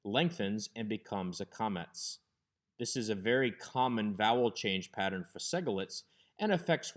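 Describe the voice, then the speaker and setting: A man teaching a recorded Hebrew grammar lesson over slides, patiently explaining and slowing down to sound out terms. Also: lowish voice.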